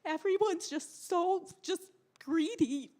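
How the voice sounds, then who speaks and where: A woman's voice: extremely high pitch, slow pace, warm tone. A woman telling a story at an open mic in a cafe, ranting in an exasperated way and swearing often. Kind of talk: spoken word storytelling. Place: live cafe event.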